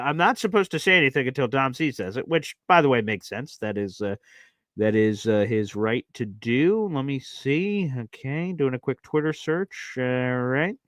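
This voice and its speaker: Animated male sports talk host. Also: mid-range voice, dry recording, clean studio sound. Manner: enthusiastic, animated, says "baby" often. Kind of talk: live-stream football talk.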